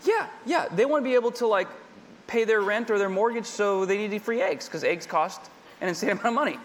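High-pitched guy preaching a chatty sermon, repeats himself a lot, jokey asides, big echoey church hall. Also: fairly quick. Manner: conversational, repeats points, humorous asides. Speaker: pastor. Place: large church hall with a congregation. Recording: long hall reverb.

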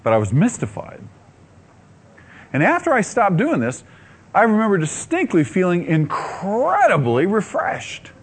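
Animated man preaching a personal testimony. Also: high-pitched, a little slow, breathy edge. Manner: animated, acts out his own inner voices; laughs often while telling. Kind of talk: sermon testimony storytelling.

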